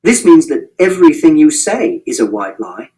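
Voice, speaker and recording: A man's voice: on the high side, very animated, normal speed, warm tone, far from the mic, rough recording. A man reading a novel aloud in first person, in a plain, matter-of-fact, literal way. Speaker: audiobook reader.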